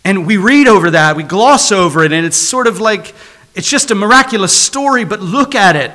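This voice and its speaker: Bright high-voiced male preacher. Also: lively intonation, a little fast. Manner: earnest preaching with rising emphasis and repeated phrases. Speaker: pastor. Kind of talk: sermon.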